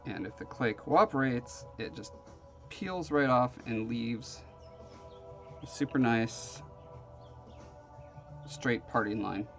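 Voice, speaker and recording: A man's voice: medium pitch, animated, slow, pauses often, a bit bright, highs cut off, soft background music. A man with a sniffly, nasal voice, hosting a casual hands-on crafting tutorial in a self-deprecating, rambling way. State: sniffly, congested. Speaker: crafting show host.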